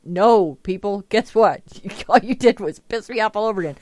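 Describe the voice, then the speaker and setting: A woman hosts a casual podcast, ranting in an exasperated, profane way. Her voice sits at an ordinary middle pitch. The recording is dry and close, with no room sound. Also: normal speed, hardly any pauses, a little mellow, dry recording. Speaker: podcast host. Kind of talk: casual chat.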